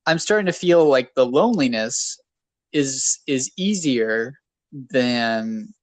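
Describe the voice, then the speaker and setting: A man's voice: mid-range voice, lively intonation, takes it slowly, no echo. Rambling, self-deprecating man co-hosting. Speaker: podcast co-host. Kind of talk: casual podcast chat.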